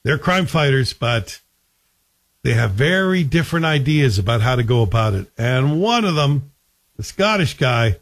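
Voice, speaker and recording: A man talks through a TV series in a loose, conversational review. His voice sits a little high, and he is wry, often putting questions to the listener. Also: sing-song, moderate pace, a bit bright. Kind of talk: casual spoken TV review.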